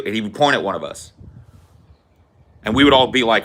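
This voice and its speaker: A man's voice: on the low side, fairly quick, long pauses, a bit bright. A young adult man hosting a podcast, telling a rambling story in a casual, profane way. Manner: rambling, swears casually, lots of fillers. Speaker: podcast host.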